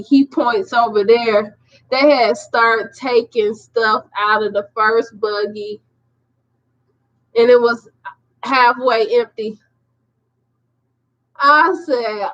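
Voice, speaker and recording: A woman, a podcast host and prophetess, telling a personal testimony in an emphatic, animated way and laughing through it. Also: a little high, slow, long pauses. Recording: muffled lo-fi audio.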